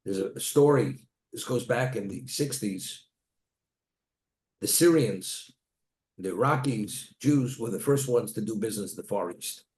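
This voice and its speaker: A man's voice: fairly low pitch, unhurried, darkish tone. A man, a rabbi, teaching a Torah class, telling stories and weaving in Hebrew terms. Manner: storytelling, Hebrew terms woven into plain talk. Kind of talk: Torah lecture. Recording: echoey room.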